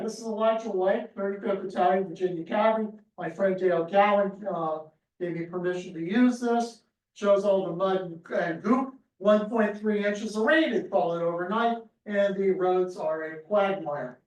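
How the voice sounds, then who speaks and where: A man giving a lively, storytelling history lecture to a room, sometimes acting out what people cried. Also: high-pitched. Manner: storytelling, acts out crowd cries. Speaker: history speaker. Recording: echoey room from far off.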